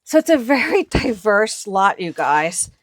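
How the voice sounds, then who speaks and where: An antiques picker who hosts her own channel chats on camera at an estate sale, eagerly showing viewers what she's found in casual commentary. Her medium-pitched voice swings widely in pitch, and she talks a little slowly.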